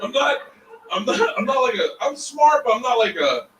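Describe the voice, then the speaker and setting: Rambling high-voiced stand-up comedian. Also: male voice, very animated, normal speed, fairly bright tone. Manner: rambling, self-mocking, profane. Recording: echoey distant stage recording with noise.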